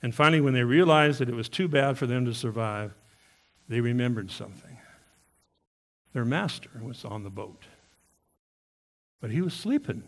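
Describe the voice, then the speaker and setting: A man's voice: medium pitch, expressive, moderate pace, long pauses, fairly bright tone. A man preaching a sermon as a pastor, earnest and speaking straight to his listeners with many questions. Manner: earnest, asks the congregation questions.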